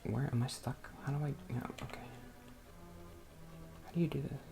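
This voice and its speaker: Over music, a New Jersey man hosts a let's play, his mid-range voice steady, at normal speed and touched with vocal fry. His commentary is casual and rambling, hesitant and packed with fillers, as he cuts himself off and mutters at the game.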